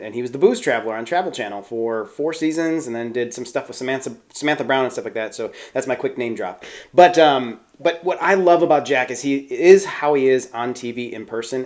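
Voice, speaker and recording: A man hosts a podcast with friendly enthusiasm, asking questions and riffing in loose, casual phrasing. His voice sits at a typical middle pitch. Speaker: podcast host. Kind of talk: casual interview chat.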